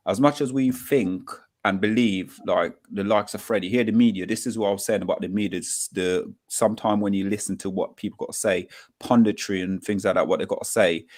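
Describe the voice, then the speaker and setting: A man co-hosting a football chat talks in a low voice, hedging each point and thinking aloud as he goes. His delivery is loose and conversational. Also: darkish tone. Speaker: podcast co-host. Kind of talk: casual football podcast chat.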